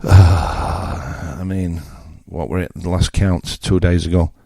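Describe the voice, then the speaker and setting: A man's voice: sits low, fairly even intonation, slow, dark tone, no echo, studio quality. A man in his sixties from England with a Yorkshire accent, presenting a radio show in a blunt, mocking, conversational monologue with asides. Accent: Yorkshire English.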